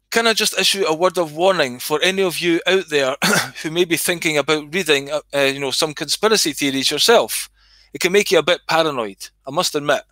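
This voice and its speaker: A man's voice: a little high, bright, forceful tone, no echo. A middle-aged Scottish man reading his comedy skit aloud on a livestream, swearing freely and chatting to viewers.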